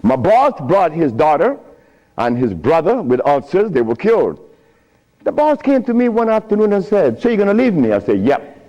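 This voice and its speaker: An older man speaking to a live audience, telling a lively story with chuckles and acted-out dialogue. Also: fairly high pitch, normal speed, highs cut off. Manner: animated, chuckling, acts out dialogue.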